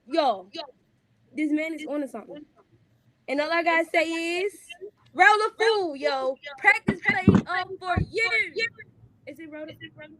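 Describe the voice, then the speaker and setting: Very high excitable woman on a noisy call. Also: measured pace, pauses often. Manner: excitable, interrupting, questioning. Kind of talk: casual video call chat. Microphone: video call.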